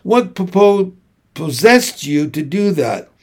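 A man's voice: high-pitched, sing-song, slow pace, voice pushed up, full character voice. A man reading an audiobook, voicing a worried and stern mother with tense, scolding questions. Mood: upset. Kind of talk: audiobook character voice.

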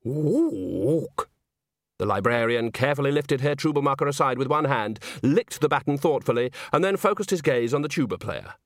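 A man reading a comic novel aloud as narrator, wry and expressive. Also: medium pitch, fairly quick, hardly any pauses, no room sound, clean studio sound. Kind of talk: audiobook narration.

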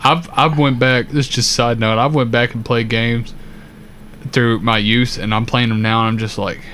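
A man's voice: medium pitch, steady tone, normal speed, fairly bright tone, a little hiss or hum. A man co-hosting a podcast in casual chat, telling stories in a laid-back, profane way with frequent laughs. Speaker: podcast co-host.

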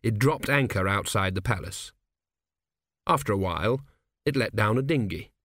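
A man reading an audiobook aloud in a measured, wry storytelling manner. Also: on the low side, lively intonation, a bit bright, no echo, studio quality. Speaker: audiobook narrator. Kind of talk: scripted narration.

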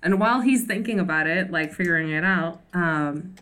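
A woman's voice: lowish voice, moderate pace, a bit bright. A young woman co-hosting a podcast, recapping a TV episode in casual chat, with lots of fillers and laughter. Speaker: podcast co-host.

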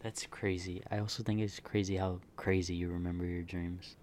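A man's voice: low-pitched, little pitch movement, moderate pace, a little mellow, a little hiss or hum. A man chatting casually as a podcast co-host, speculating playfully and now and then dropping to a whisper. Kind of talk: casual chat.

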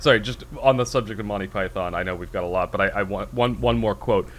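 A man co-hosting a podcast in casual chat, telling comedy sketches in an animated way. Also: on the low side, fast. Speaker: podcast co-host.

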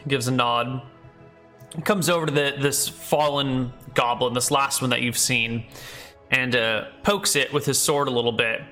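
Bright-voiced man narrating a tabletop game. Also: medium pitch, fairly even intonation, moderate pace, soft background music. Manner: casual, filler-heavy narration. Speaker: game master.

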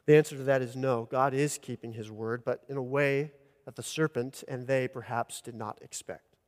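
A man's voice: mid-range voice, fairly even intonation, normal speed. A man preaching an earnest expository sermon as pastor, rising in emphasis at key points. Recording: long church reverb.

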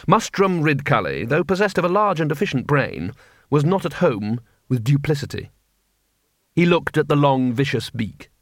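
A man narrating an audiobook in a measured, even storytelling manner. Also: a little high, no room sound, clean studio sound. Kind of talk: scripted narration.

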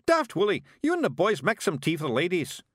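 A man voicing a tiny, boisterous pixie chieftain, loud and rowdy. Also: high voice, huge pitch swings, moderate pace, no room sound, clean studio sound, pitched above the performer's own voice.

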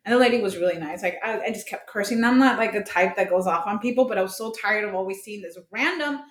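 Young woman, podcast guest, candid storytelling, animated, echoey room, faint background hum. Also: mid-range voice, fast. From Colombia. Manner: animated, acts out quoted voices, swears freely.

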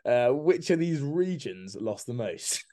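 A man's voice: mid-range voice, big pitch swings, slow pace, dark tone. A man co-hosting a casual podcast, reading out quiz questions and teasing with frequent laughs. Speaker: podcast co-host, quizmaster. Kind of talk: casual banter.

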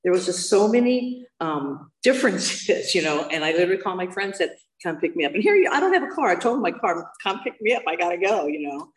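Woman speaker, candid personal storytelling, wry and animated; room echo, mic at a distance. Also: fairly low pitch, fast, hardly any pauses. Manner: candid, self-mocking, animated quoting of others. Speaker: speaker sharing a recovery story.

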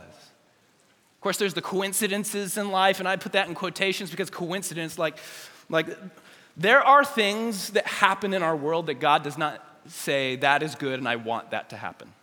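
Energetic male youth preacher, bright tense tone, big reverberant hall. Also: sits high. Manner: energetic, joking, speaks straight to teens. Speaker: youth pastor. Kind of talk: youth sermon.

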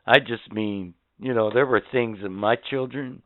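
A middle-aged man talking in crude, casual podcast banter, blunt and profane as he hands out fatherly advice. His voice is smooth, and he shifts from mumbled asides to sudden loud outbursts. The sound is dry and tinny, like a phone line. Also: medium pitch, steady tone, a little slow, dry recording. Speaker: podcast co-host.

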